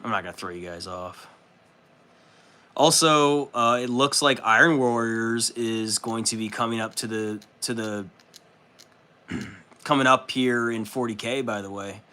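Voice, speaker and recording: Dude streaming his hobby night, swearing a lot, hyped, reading chat out loud, bright edgy voice. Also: mid-range voice, a little slow. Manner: loose, profane and excitable, reads chat aloud. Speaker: livestream host. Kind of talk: casual livestream chat while building models.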